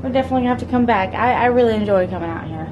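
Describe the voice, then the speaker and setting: A woman's voice: a little high, animated, rapid-fire, lo-fi sound, noisy background. A woman chatting casually to her camera on a family trip, laughing often and talking to her young child. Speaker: family vlogger, mother. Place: lakeside rental then small beach, outdoors and indoors.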